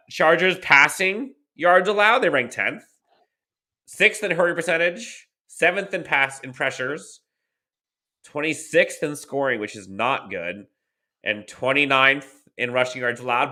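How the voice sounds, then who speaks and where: Guy cohosting a football podcast, very animated, bright voice, reads stats and chuckles. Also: a little high. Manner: rattles off stats with dry laughs. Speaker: podcast co-host. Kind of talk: casual sports podcast chat.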